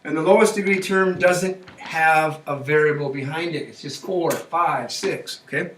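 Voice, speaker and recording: A man's voice: a little high, moderate pace, a bit bright, a little hiss or hum. A man teaching a math class, coaxing students along with frequent check-in questions. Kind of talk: classroom lecture. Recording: echoey classroom, mic far off.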